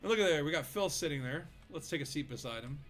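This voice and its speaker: Over faint background music, this streamer talks fast and animatedly in a slightly high, fairly bright voice. He chats casually on his gaming stream, meandering through lots of filler words as he describes what he's doing in the game.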